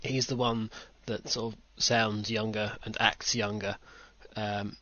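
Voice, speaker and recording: A man's voice: fairly low pitch, level tone, slow pace, sharp tone, no room sound. A British man hosting a podcast in casual chat, rambling with dry self-mocking asides. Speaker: podcast host. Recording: dull lo-fi home recording.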